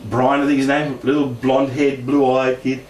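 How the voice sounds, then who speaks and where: A man's voice: mid-range voice, level tone, normal speed, darkish tone. A middle-aged man telling a personal story in a casual way, laughing often and acting out the voices he quotes. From Australia. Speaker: speaker sharing paranormal experiences. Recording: echoey room, distant mic, faint noise.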